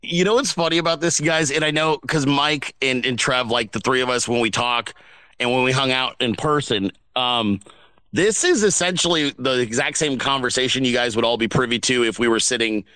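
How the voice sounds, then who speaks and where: A man's voice: medium pitch, a little fast, pushed and bright, clear, resonant tone, no room sound, rough recording. A man hosting a casual live audio chat show, talking in a loose, chatty way over a remote call. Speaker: host.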